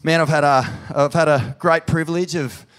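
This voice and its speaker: An Australian man hosts a live podcast show in front of a crowd in a pub. He swears freely and talks in an effusive, hyped-up way. His voice sits fairly high for a man. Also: steady tone, moderate pace, a bit bright. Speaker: podcast host.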